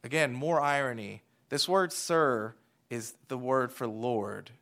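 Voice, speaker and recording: A man in his thirties preaching a sermon, switching from hushed asides to loud, emphatic lines. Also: mid-range voice, slow pace, creaky. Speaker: pastor.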